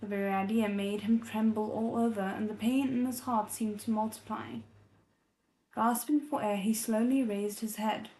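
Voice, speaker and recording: A woman reading a novel aloud as a readalong host, soft and measured, breaking off to react with feeling. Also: medium pitch, steady tone. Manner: emotionally invested, breaks off to react.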